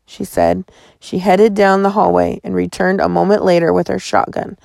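A woman's voice: lowish voice, fairly even intonation, moderate pace, gravelly, darkish tone, no echo, studio quality. A woman reading a story aloud as an audiobook narrator, in vivid first-person storytelling. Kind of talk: scripted narration.

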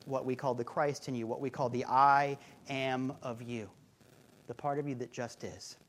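A man's voice: medium pitch, steady tone, moderate pace, fairly bright tone. Male pastor, sermon, humorous storyteller, repeats key lines for emphasis. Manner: conversational, humorous storytelling with rhythmic repetition.

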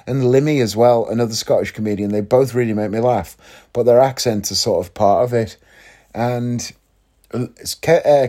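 A man's voice: medium pitch, dark tone. A man from Northeast England talking casually to camera in a vlog, chatty and rambling, often tagging questions onto his sentences. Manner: chatty, leans on tag questions like "isn't it?". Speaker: vlogger.

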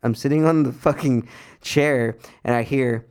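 A man's voice: medium pitch, normal speed, clear, resonant tone. Swearing man telling a story. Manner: animated storytelling, acts out quoted people, swears freely. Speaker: podcast co-host. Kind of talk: casual chat.

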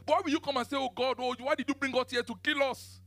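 A man's voice: very high voice, steady tone, quick pace, pushed and bright, soft background music, pitched above the performer's own voice, full character voice. A man voicing God, exasperated and scolding. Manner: pleading, incredulous rhetorical questions.

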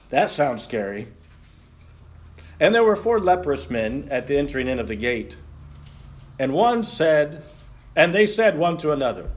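A man preaching a sermon as pastor, joking with the congregation and reading scripture aloud in an animated way. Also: medium pitch, normal speed.

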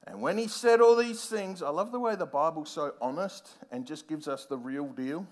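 A male preacher giving a sermon in an animated manner, rising to emphatic points and playfully acting out scenes. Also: on the high side, moderate pace.

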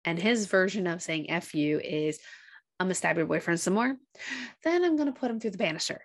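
A woman's voice: lowish voice, brisk. A woman co-hosting a podcast, retelling a movie's plot in casual chat and acting out the characters' lines. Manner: animated retelling, acts out quotes. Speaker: podcast co-host.

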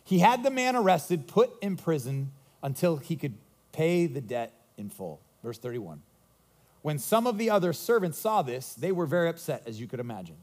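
A male pastor preaching a sermon, retelling a parable in a conversational, animated way with casual asides. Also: on the high side, normal speed. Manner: conversational, animated storytelling with quips.

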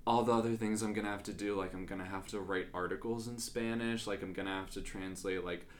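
A man's voice: fairly low pitch, steady tone, fast. A young man hosting a podcast, talking casually and full of "like" fillers. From Kentucky, United States. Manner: chatty, many "like" fillers. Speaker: podcast host.

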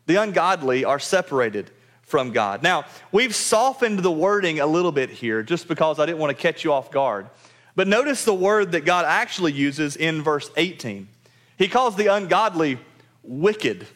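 A man with a high-pitched voice preaches a sermon as pastor. He speaks with emphasis and repeats his key phrases for weight. He addresses his congregation directly. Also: big pitch swings, moderate pace, a bit bright.

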